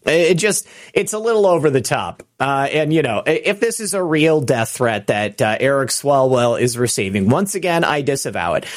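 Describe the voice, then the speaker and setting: A man's voice: mid-range voice, sing-song, normal speed, hardly any pauses. A man hosting political commentary in a sarcastic, mocking tone, talking straight to the viewer.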